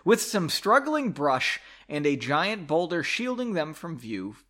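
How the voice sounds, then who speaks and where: A man's voice: a little high, very animated, unhurried, a bit bright. A man reading his own novel aloud, stopping to make self-mocking comments on his writing. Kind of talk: reading aloud with chatty asides.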